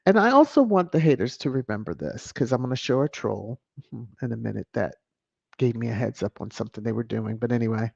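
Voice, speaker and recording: A woman hosts a celebrity commentary vlog in a sassy, emphatic way, often repeating a phrase for effect. Her voice has a gravelly, creaky edge. The recording is dry and a little muffled, like a lo-fi home setup. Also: a bass voice, animated, a little fast, a little mellow, no room sound. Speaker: vlog host. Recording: dry, dull lo-fi sound.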